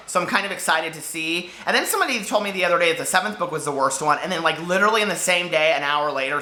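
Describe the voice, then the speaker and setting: Sweating in a hot room, this man chats casually about his week's reading as a book vlogger, wandering off topic and giggling. He speaks at a fairly high pitch in a pushed, bright voice, recorded with a roomy sound.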